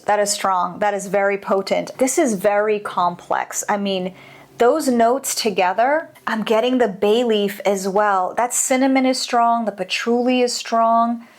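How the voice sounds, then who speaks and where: A woman in her adult years giving a casual, enthusiastic product review as a candle maker, exclaiming often as she talks. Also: fairly high pitch.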